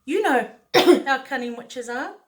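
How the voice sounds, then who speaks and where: A woman's voice: high-pitched, expressive, slow, voice pushed up. A woman doing a meek, sweet storybook mother. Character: gentle, meek mother baking cakes.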